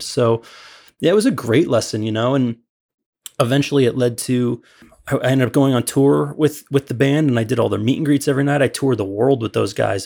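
A man's voice: mid-range voice, vocal fry, a little mellow. A man from Illinois telling a long, rambling story as a podcast guest, full of fillers and restarts. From Illinois, USA. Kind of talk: casual storytelling.

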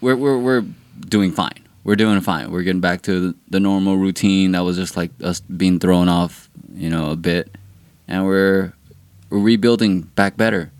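A male comedian tells a rambling, animated story on a podcast. His voice sits very low. The sound is close and dry. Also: normal speed, no room sound. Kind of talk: casual chat, storytelling.

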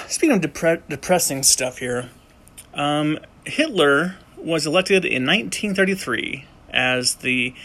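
An amateur history presenter gives a casual, unscripted explainer, rambling and joking with frequent restarts and self-corrections. His voice is a little high and a bit bright.

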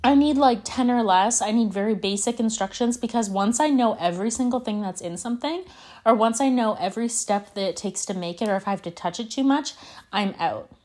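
A woman's voice: on the high side, brisk, darkish tone. A woman in her twenties hosting a solo podcast in a rambling, chatty way, full of fillers and restarts, and given to dramatic, exaggerated declarations. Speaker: podcast host. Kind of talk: casual solo podcast chat.

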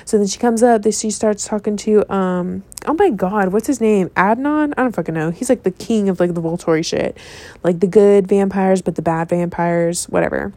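A woman casually retelling a film scene, rambling and animated, with lots of swearing and filler words. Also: medium pitch, moderate pace, dry recording. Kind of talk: casual storytelling.

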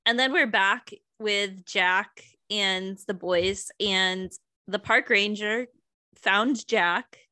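A woman co-hosting a podcast, calmly recapping a TV episode and agreeing with short replies. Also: medium pitch, very slow, no room sound, clean studio sound. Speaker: podcast co-host. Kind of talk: casual chat recapping a TV episode.

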